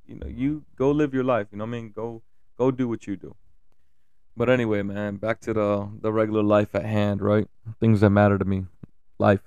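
A man in his thirties speaks with a low, gravelly voice that stays fairly flat in pitch. His tone is dark and smooth, and he talks candidly about his family, swearing freely and stopping for fillers. The sound is dry and close, with no room echo. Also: muffled recording. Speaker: father sharing family updates. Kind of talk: casual personal talk to camera.

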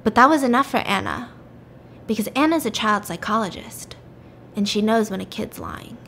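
A woman's voice: mid-range voice, expressive, normal speed, creaky, a bit bright, a little hiss or hum. A woman podcast host casually recapping a film, chatty and swearing, with lots of fillers.

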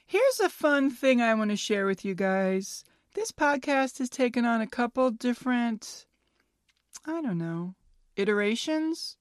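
A woman's voice: on the high side, sing-song, unhurried, no echo, clean studio sound. A woman in her fifties hosting a casual solo podcast, chatty and self-mocking, laughing at her own jokes. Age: 50s. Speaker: podcast host.

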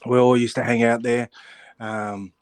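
A middle-aged man chatting as a rugby pundit, quick to laugh and tumbling over his own restarts. His pitch sits in the middle for a man and swings up when he gets excited. The sound is dry and close. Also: clean tone, dry recording. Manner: animated, laughing storyteller, full of restarts. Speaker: rugby pundit, weekly guest. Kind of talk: casual radio chat.

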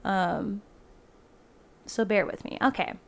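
A woman's voice: mid-range voice, slow pace, gravelly. Chatty woman hosting a casual podcast. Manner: chatty and loose, heavy use of "like", laughs often. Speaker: podcast host. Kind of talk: casual true-crime podcast chat and case reading. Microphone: home laptop microphone.

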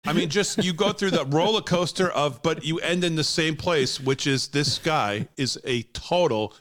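A man's voice: on the high side, moderate pace, a bit bright. A man hosting a talk show, giving heated, scornful political commentary and laughing often.

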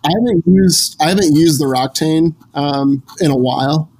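A man's voice: on the high side, moderate pace, a little mellow, low-quality recording. A man chatting casually as a podcast guest, rambling with many restarts. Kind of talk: casual chat.

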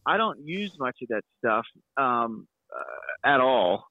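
A man's voice: medium pitch, big pitch swings, no echo, narrow, tinny audio. A man hosting a podcast, chatting casually with stammering restarts. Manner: quick reactions, stammering restarts. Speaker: podcast host. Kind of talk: casual chat.

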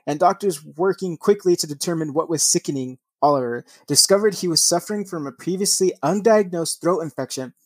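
Give me a young adult podcast host reading news stories with offhand asides, mid pitch, dry sound. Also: no room sound. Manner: swears often, laughs, trips over words.

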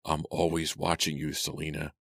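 A man voicing a menacing anonymous caller in a slow, hoarse whispered role-play. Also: a bass voice, little pitch movement, fairly bright tone, no room sound, heavily acted.

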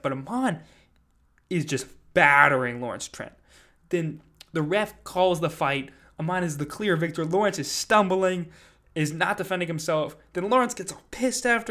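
Rambling higher-voiced guy recapping. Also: normal speed, a bit bright. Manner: rambling, lots of fillers and "like". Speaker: podcast host recapping an event. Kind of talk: casual recap monologue.

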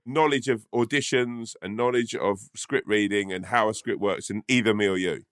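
A man's voice: on the low side, steady tone, normal speed, a bit bright, clear, resonant tone, no echo, clean studio sound. A man, co-hosting a podcast in laid-back casual chat. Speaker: podcast co-host.

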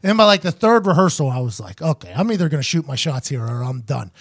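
A man hosting a podcast, telling a story in casual chat, quoting others in quick asides. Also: on the high side. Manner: animated, quotes people in quick asides. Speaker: podcast host.

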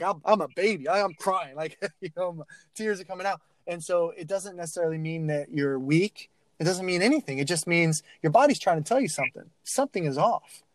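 Male podcast guest, raised pitch, lively storyteller, dry close sound. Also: no room sound. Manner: animated storytelling with many restarts and fillers. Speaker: guest, athlete mental-skills speaker. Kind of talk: casual podcast interview.

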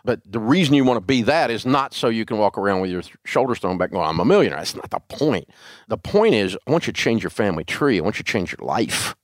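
Casual: older radio host guy, lowish voice that jumps all over when he gets going, folksy storyteller, dry mic. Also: quick pace, no room sound. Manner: animated storyteller, folksy, emphatic. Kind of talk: casual interview conversation.

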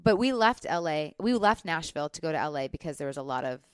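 A woman's voice: low voice, expressive, fast, smooth, no echo, studio quality. A woman from the Midwest in her thirties, a guest in a casual chat, talking freely with lots of fillers and restarts. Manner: chatty, many fillers and restarts. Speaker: podcast guest.

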